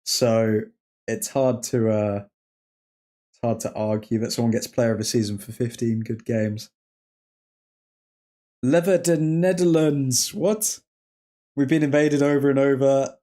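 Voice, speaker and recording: This livestream host is a young English man with a mellow, mid-pitched voice. During his football watchalong he trades jokes with the audience, laughs often, and reads out chat comments as easy banter.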